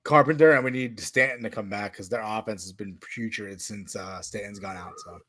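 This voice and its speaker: A man's voice: lowish voice, brisk, sharp tone, no echo. A man co-hosting a casual sports podcast, joking and laughing often as he talks. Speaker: podcast co-host.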